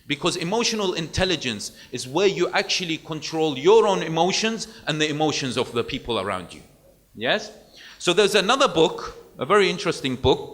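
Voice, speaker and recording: A male preacher delivering a sermon in a lively, animated way. His voice sits somewhat high for a man and swings widely in pitch as he acts out short scenes of parents talking to children. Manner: animated lecturing, acting out parent quotes.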